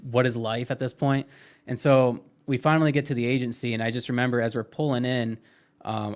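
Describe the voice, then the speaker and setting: Man telling his story haltingly. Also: medium pitch. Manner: reflective, halting storytelling with many fillers. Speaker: interview guest. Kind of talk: casual podcast interview.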